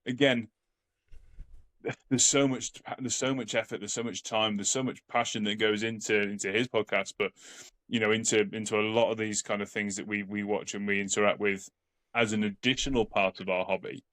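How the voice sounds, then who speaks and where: A man's voice: fairly low pitch, level tone, a little fast, a bit bright. A man co-hosting a casual podcast, rambling and repeating words as he thinks aloud. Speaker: podcast co-host.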